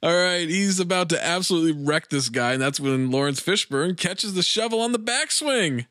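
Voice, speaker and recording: A man with a bright, lively voice walks through a movie's plot for his co-hosts. He laughs easily. The sound is close and dry. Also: sits high, fairly quick, no room sound. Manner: narrates the plot, laughs often. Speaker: podcast co-host. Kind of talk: casual film recap chat.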